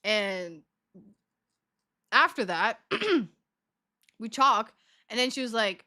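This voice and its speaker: A woman's voice: a little high, sing-song, drawn-out words, pauses often, pushed and bright. A young woman streaming, chatting casually to her viewers, self-mocking and laughing often as she acts out conversations.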